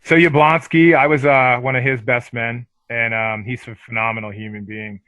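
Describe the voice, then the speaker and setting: A man telling stories as a podcast guest in a casual interview, animated and swearing freely. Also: mid-range voice, moderate pace, background noise.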